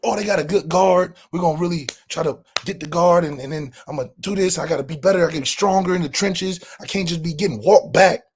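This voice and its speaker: Guy doing a low flat young lineman voice, all cliches. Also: quick pace, few pauses, breathy edge. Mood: mocking. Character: earnest young male college lineman, bland cliches.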